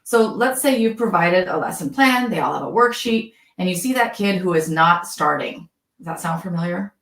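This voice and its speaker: Woman psychologist chatting on an interview, lively, slips into little acted voices, roomy echo. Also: fairly low pitch, moderate pace. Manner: expressive, acts out teacher and student voices, laughs often. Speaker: school psychologist guest. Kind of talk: animated interview talk with acted-out examples.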